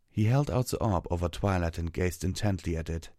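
A man reading a fantasy story aloud as narrator, steady and measured. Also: low voice, no room sound, clean studio sound.

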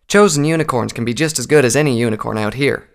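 A folksy, plain-spoken farm mare soldier, played by a male narrator in a storybook reading. She is blunt and loyal, with a gravelly rasp running through the voice. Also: mid-range voice, fairly quick, fairly bright tone, close to an everyday voice. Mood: confident. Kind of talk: audiobook character voice.

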